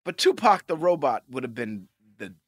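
A man co-hosting a podcast in casual chat, excitable and teasing, with emphatic outbursts. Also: medium pitch, normal speed, husky, no echo. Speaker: podcast co-host.

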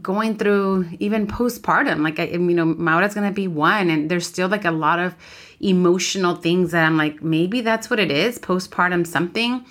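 A woman's voice: on the low side, moderate pace, a bit bright. A woman, co-hosting a podcast, talking candidly and animatedly while switching between English and Spanish. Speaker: podcast co-host. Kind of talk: casual chat.

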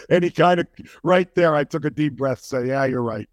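An older man, a former hockey player, telling a story in an interview, animated and full of restarts. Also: a little high, normal speed, no echo.

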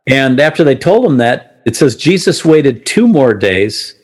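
Animated man sharing faith stories. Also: mid-range voice, unhurried, slightly rough. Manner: animated, personal anecdotes, chuckles often. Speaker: co-host of a faith talk show, former shopping-channel host. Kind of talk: casual faith chat.

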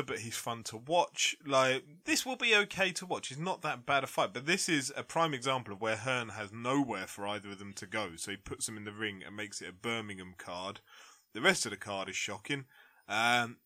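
Brash boxing pundit, bright, punchy delivery. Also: male voice, medium pitch, normal speed. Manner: blunt, animated ranting with frequent "like". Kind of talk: casual podcast debate.

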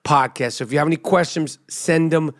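High-pitched guy ranting about hoops on his podcast, brash, swears a lot. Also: brisk. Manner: brash, profane, animated riffing. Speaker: podcast host. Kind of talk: casual basketball commentary monologue.

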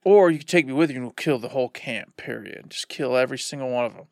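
A man's voice: medium pitch, fast talker, darkish tone, dry recording, lightly acted. A man voicing a male druid who bluntly orders the hero to kill the whole camp. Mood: insistent.

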